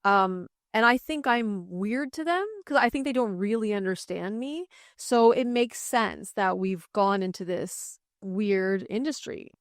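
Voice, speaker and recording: A woman's voice: medium pitch, a little slow, few pauses, dry recording, clean studio sound. Earnest woman podcast co-host. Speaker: podcast co-host, media worker. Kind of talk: casual chat.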